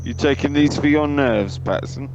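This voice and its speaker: A man playing a stern male army sergeant who puts his questions slowly and firmly in a tabletop game. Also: mid-range voice, muffled recording, over music, close to an everyday voice. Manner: deliberate, commanding questions.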